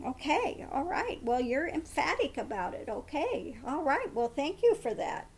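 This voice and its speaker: A woman's voice: sits high, sing-song, a little slow. A woman giving a spiritual tarot card reading in a meandering way, often laughing. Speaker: tarot reader.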